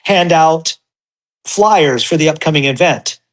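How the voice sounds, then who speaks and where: A man's voice: a little high, unhurried, rough recording. A man in his forties, a podcast guest, telling casual stories with animation and acting out the voices of people he quotes.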